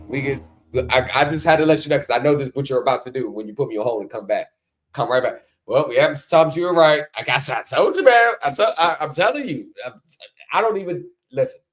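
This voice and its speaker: A man hosting a casual commentary chat, telling stories and acting out the people he quotes. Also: medium pitch. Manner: animated storytelling, acts out quoted people. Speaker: host.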